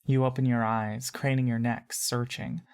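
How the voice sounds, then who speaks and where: A woman narrating a fantasy audio story in the second person, calm and measured. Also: extremely low pitch.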